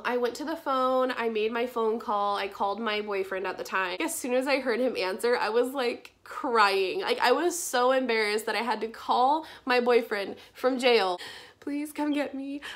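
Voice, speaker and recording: A young woman vlogger telling a personal storytime casually, chatty, full of "like" and casual swearing. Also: on the high side. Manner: chatty, frequent "like", swears casually, emotional retelling.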